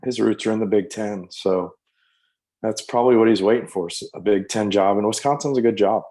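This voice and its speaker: A young man co-hosting a casual sports podcast, measured and dry in his remarks. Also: lowish voice, dark tone. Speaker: podcast co-host.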